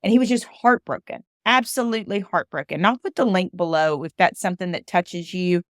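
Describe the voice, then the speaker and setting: A woman from Alabama speaks as a motivational storyteller in a somewhat low voice. She presses her points by repeating short phrases. The sound is dry and close. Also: brisk, no echo. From Alabama, USA. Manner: emphatic, repeats phrases for emphasis. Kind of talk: personal storytelling monologue.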